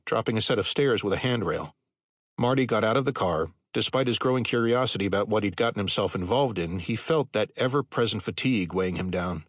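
A man reading a novel aloud as audiobook narrator, in a steady storytelling delivery. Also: on the low side, dry recording, studio quality. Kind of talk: scripted narration.

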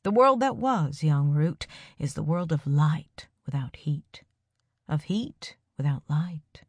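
A woman voicing a kind male village teacher who speaks gently and softly, then stammers when he is uneasy. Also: deep voice, takes it slowly, slightly rough, dry recording, exaggerated voice. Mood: gentle. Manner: gentle, soft, stammering under strain.

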